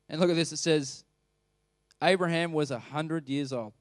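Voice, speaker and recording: A man's voice: a little high, normal speed, dry recording, studio quality. A man preaching a sermon as pastor, talking conversationally and emphatically and putting questions to the congregation.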